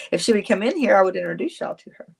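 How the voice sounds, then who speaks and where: A woman's voice: medium pitch, creaky, breathy edge. A woman, chatting casually on a livestream, rambling, answering viewers and laughing often. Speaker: livestream host.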